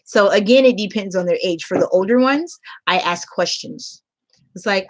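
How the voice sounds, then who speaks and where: A woman English teacher giving casual tips in a playful, animated way, laughing often. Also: mid-range voice, normal speed.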